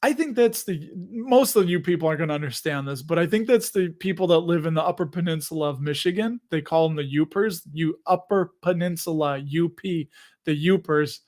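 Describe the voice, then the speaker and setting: A man's voice: a little high, a little fast, a little mellow. A man in his forties hosting a live investing stream, chatting casually, rambling and laughing at himself. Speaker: host of a live investing show.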